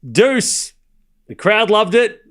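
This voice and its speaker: A man streaming a tennis watchalong, calling every shot in rapid play-by-play and bantering teasingly with his chat. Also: high-pitched. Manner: rapid rally calling, bursts into excited shouting on big points. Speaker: live tennis watchalong commentator. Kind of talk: live stream play-by-play commentary.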